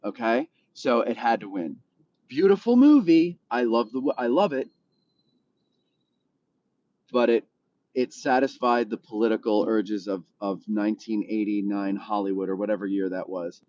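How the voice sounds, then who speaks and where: A man's voice: on the low side, expressive, normal speed, darkish tone, lo-fi sound. Easygoing man chatting from a car. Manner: easygoing and rambling, talks straight to viewers. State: still has his morning voice. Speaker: live-stream host. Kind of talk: casual live-stream chat while driving, answering viewer comments.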